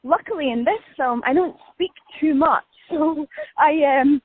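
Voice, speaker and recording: A woman's voice: high voice, a little slow, no room sound. A Scottish woman talking in a casual phone interview, chatty and self-deprecating, laughing often while walking outdoors. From Scotland. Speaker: actress being interviewed. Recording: tinny phone line.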